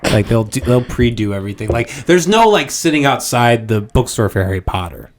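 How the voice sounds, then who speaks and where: A man's voice: mid-range voice, expressive, a little fast. A man hosting a podcast in casual studio chat, rambling loosely with lots of fillers and crude jokes. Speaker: podcast host.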